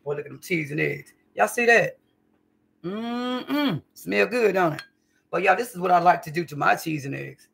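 Gravelly woman chatting while cooking. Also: lowish voice, fairly quick, a bit bright, far from the mic. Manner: folksy, chatty, calls viewers y'all and honey. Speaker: home cook livestreamer. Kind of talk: casual live cooking chat. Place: home kitchen.

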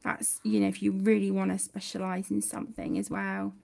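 A woman's voice: mid-range voice, sing-song, fairly quick, gravelly, mellow. A young woman hosting a colouring livestream from home, chatting and reading out viewer comments. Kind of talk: casual livestream chat.

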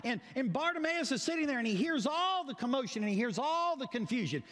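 Preacher, male, high and very animated, dramatic storyteller, long hall reverb. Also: a little fast. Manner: dramatic storytelling, acting out voices, swings between loud cries and quiet asides. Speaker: pastor. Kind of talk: sermon. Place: church sanctuary.

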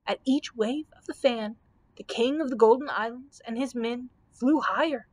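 Higher-voiced woman librarian reading aloud. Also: poor audio. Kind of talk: reading a children's book aloud.

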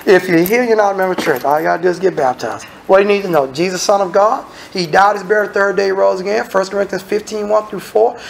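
A man's voice: sits high, quick pace, gravelly, hardly any pauses, slight background noise. A man preaching an evening church sermon, acting out quoted voices. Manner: animated, acts out quoted voices. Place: church sanctuary.

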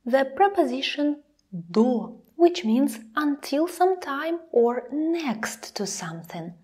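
A young woman with a Russian accent giving a pronunciation lesson, saying each example slowly twice and sometimes dropping to a whisper. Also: high-pitched, big pitch swings, a little mellow. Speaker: Russian language teacher.

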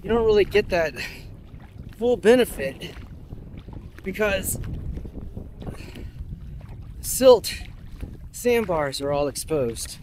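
A man's voice: high-pitched, animated, takes it slowly, long pauses, a little mellow, a little hiss or hum. A man vlogging from a river while paddling, chatting casually and thinking aloud with lots of asides. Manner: thinks aloud, rambling, many fillers and asides. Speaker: vlogger training for a river race. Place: outdoors on a river in a kayak.

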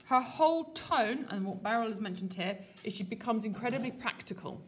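A woman teaches a literature lesson in a classroom. Her voice sits fairly high. She talks in a lively, colloquial way and keeps calling on her students. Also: fairly quick. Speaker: English teacher.

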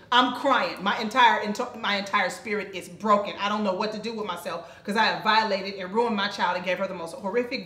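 A woman, co-hosting a faith and family talk show and telling a story with animated, dramatic flair. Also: on the high side. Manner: animated, dramatic retelling with loud shrieks. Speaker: podcast co-host. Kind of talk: casual storytelling. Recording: echoey room.

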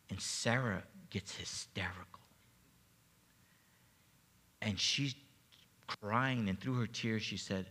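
A man's voice: fairly low pitch, takes it slowly, pauses often, a bit bright. A man preaching a sermon as pastor, telling a personal testimony with emotion and stumbling repeats. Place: church sanctuary. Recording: long reverb of a church hall.

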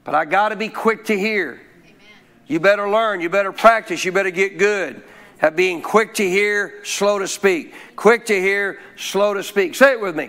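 High-voiced man preaching a sermon. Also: normal speed, creaky, fairly bright tone. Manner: preaching with call-and-response questions; repeats phrases for emphasis. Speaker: pastor.

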